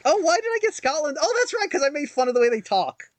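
A man's voice: very high voice, sing-song, fast, dry recording. A man co-hosting a podcast in casual chat, rambling and self-mocking with lots of fillers and restarts. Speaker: podcast co-host.

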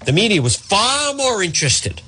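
A man's voice: big pitch swings, normal speed, bright, forceful tone, husky. A man hosting a talk radio show, delivering an opinionated monologue in a sarcastic, mocking way. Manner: sarcastic, mocks voices in a high put-on tone.

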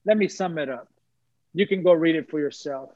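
A man's voice: a little high, brisk, darkish tone, dry recording, muffled recording. A man giving an emotional personal testimony on a talk show, earnest and preacherly, repeating phrases for emphasis. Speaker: guest sharing testimony.

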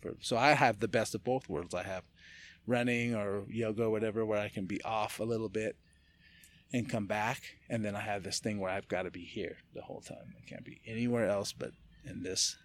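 Animated laughing man telling stories. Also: lowish voice, fairly quick. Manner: animated, laughing storyteller who swears casually. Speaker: podcast guest. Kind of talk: casual podcast conversation. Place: indoors, casual setting with a beer.

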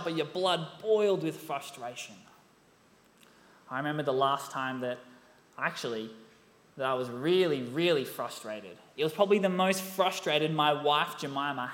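Animated young preacher in an echoey hall. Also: male voice, fairly high pitch. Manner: animated storytelling, rhetorical questions. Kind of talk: sermon. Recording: echoey hall, long reverb.

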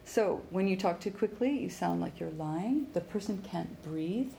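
A woman teaching a conversation class, explaining in lively bursts and acting out listener reactions, in an echoey room. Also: fairly low pitch, unhurried, vocal fry. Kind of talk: classroom coaching. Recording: echoey room with faint background noise.

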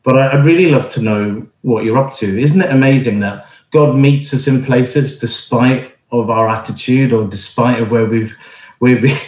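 An earnest middle-aged man preaches in a relaxed, conversational way, often stopping to restart a phrase or add an um. His voice sits at an ordinary pitch for a man. The recording carries a noticeable roomy echo. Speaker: church planter and speaker. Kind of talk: informal sermon with personal story.

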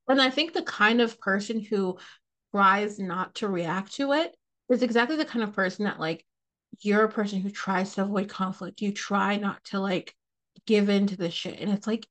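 A woman's voice: medium pitch, normal speed, a bit bright. A young adult woman hosting a podcast, ranting casually and profanely, laughing often. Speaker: podcast host.

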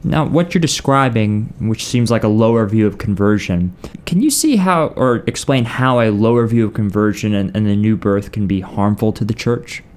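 A man's voice: on the low side, expressive, normal speed, hardly any pauses, a little mellow, clear, resonant tone. A man co-hosting a podcast who asks thoughtful questions and adds brief affirmations. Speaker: podcast co-host asking questions. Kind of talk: conversational interview questions.

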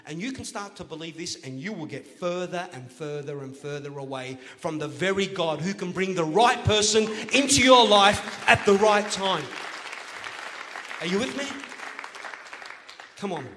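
A man preaching a sermon as pastor, playful and joking, then rising to loud, emphatic calls to the congregation. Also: sits high, normal speed, some chatter behind, slight background noise. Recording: long church hall reverb.

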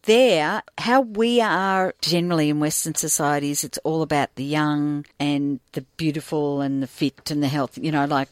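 A woman co-hosting a relaxed talk show, rambling and restarting her sentences. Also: sits low, normal speed, hardly any pauses, no room sound. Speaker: podcast co-host. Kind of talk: casual chat.

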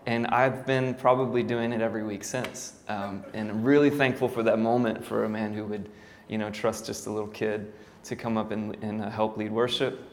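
A man's voice: on the low side, fairly even intonation, normal speed, few pauses. A man in his thirties, a worship pastor, telling his story casually to a church audience with many fillers and self-deprecating asides. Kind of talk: church talk. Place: church hall. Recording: hall reverb, faint ambient noise.

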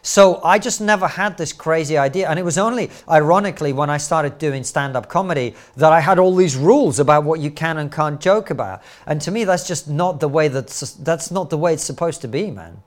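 Man, middle-aged, podcast guest, slightly high voice, lively storytelling, rhetorical questions. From Soviet Union, raised later in Britain. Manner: animated storyteller, quick asides and rhetorical questions. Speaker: guest, comedian and commentator. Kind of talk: podcast interview.

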